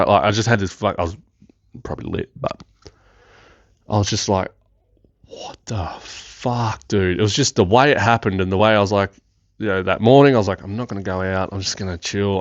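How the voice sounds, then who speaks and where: A young man with a lowish voice tells a rambling, excitable story, swearing and laughing as he goes. The recording is dry, with a slightly dull, muffled tone. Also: no echo. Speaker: podcast host. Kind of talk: casual storytelling.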